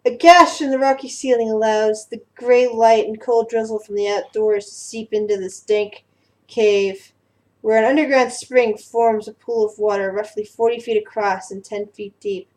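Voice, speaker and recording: A woman's voice: fairly high pitch, steady tone, normal speed, a little mellow, poor audio. A woman running a tabletop game as game master, describing scenes with many fillers and restarts.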